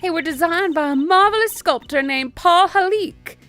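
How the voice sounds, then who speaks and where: High-pitched Southern belle hostess, polite, refined, eager, voiced by a woman. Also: slow, fairly bright tone, faint music behind, heavily acted. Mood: gushing.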